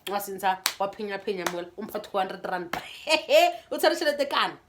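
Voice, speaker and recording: A South African woman telling a personal story in a casual vlog, animated and chatty, with frequent restarts. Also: mid-range voice, moderate pace, noisy background. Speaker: YouTuber.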